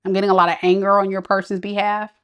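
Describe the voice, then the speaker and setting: A woman's voice: medium pitch, little pitch movement, quick pace, smooth, lo-fi sound. Chatty woman giving a tarot reading. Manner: chatty, reacting to viewer comments. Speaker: tarot reader.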